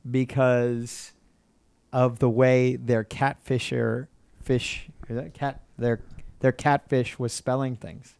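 A man co-hosting a laid-back chat, rambling through stories and slipping into quick impressions of the people in them. His voice sits at an ordinary pitch, recorded close and dry with no room around it. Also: little pitch movement, vocal fry, darkish tone, clear, resonant tone, no echo. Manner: loose storyteller, mimics people he quotes. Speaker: podcast co-host. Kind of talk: casual chat.

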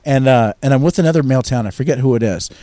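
A man's voice: mid-range voice, racing, no room sound. A man telling a long, crude story on a podcast, acting out the other people's voices as he goes. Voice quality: crude, profane. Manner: animated storytelling, acts out quoted voices loudly. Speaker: guest storyteller. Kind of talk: casual podcast chat.

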